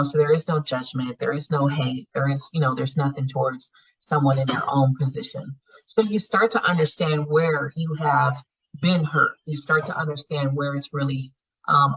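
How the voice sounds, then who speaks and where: A woman's voice: low voice, slightly rough. A woman leading a healing class in a frank, conversational way, swearing casually and acting out people's inner thoughts. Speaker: spiritual healing class facilitator. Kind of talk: casual teaching talk. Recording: muffled lo-fi class recording.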